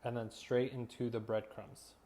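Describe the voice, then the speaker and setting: A man hosting a casual cooking vlog, telling relaxed, joking stories as he cooks and eats in his home kitchen. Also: mid-range voice, normal speed. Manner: relaxed storytelling with jokes. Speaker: cooking vlogger.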